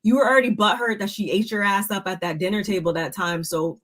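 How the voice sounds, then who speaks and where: A woman talking through a casual review chat in a middle-pitched voice. She rambles in long loose sentences and jumps to loud, excited exclamations now and then. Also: quick pace. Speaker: podcast co-host reviewing a reality show.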